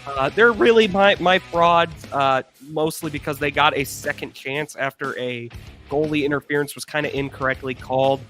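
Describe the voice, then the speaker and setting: A man's voice: on the high side, moderate pace, bright, forceful tone, soft background music. A young man co-hosting a sports podcast who talks in a chatty, opinionated way with frequent fillers. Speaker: podcast co-host. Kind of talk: casual sports chat.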